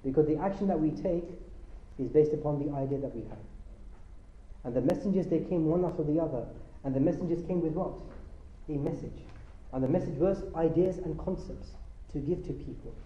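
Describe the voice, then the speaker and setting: A man's voice: a little high, fairly quick, warm tone. A man giving a religious lecture, impassioned and rhetorical, asking his audience questions. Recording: roomy lo-fi lecture hall recording.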